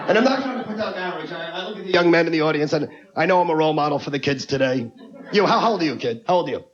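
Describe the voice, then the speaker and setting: A man's voice: on the high side, expressive, a crowd in the background. A man doing a brash, ranting stand-up comedy set on stage before a live audience. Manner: brash, rapid-fire, ranting. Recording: lo-fi TV broadcast with audience.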